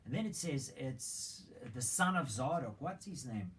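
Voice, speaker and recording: A man's voice: medium pitch, lively intonation, normal speed, hardly any pauses. Dramatic male preacher heard from afar. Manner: dramatic retelling, swings between loud emphasis and hushed whispers. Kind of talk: sermon storytelling. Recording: distant mic with faint background noise.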